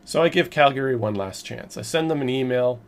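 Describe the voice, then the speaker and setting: A man's voice: medium pitch, brisk. A man vlogging, recounting a frustrating purchase in a rambling, emphatic, exasperated way. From Canada. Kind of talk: casual storytelling to camera.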